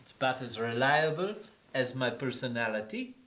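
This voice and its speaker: A man's voice: mid-range voice, very animated, normal speed, fairly bright tone, echoey room, slight background noise. A young man playing a smug, tactless quack doctor in a comedy short, glib and mocking. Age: young adult. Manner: glib, mocking, puts on a fake French accent in jokes. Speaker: actor in a student comedy film.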